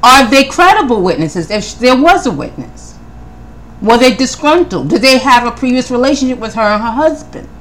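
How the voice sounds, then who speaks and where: A woman hosting a podcast, talking through her notes in casual commentary, firing off one pointed question after another and often repeating her words. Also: fairly high pitch. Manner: animated, rapid-fire questioning, repeats words; preacherly Christian tone. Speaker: podcast host.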